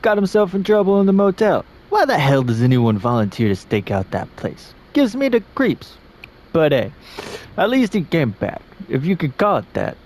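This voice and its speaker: A man's voice: on the high side, big pitch swings, normal speed, a little mellow, a little hiss or hum, pitched above the performer's own voice. A man voicing a chatty male office agent who gossips to a coworker in a put-on accent, loose and swearing. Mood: gossipy.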